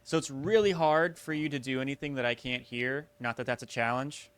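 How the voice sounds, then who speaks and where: A man's voice: mid-range voice, brisk, clean tone, no room sound. A young man co-hosting a podcast, joking in casual chat and acting out little scenes. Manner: joking, acts out scenes in big put-on voices. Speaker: podcast co-host.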